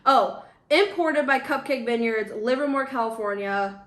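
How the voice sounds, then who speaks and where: A woman's voice: a little high, a little slow. A young woman hosting a casual wine-tasting video, chatting and reading labels aloud. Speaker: vlogger host. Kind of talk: casual chat. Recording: echoey room.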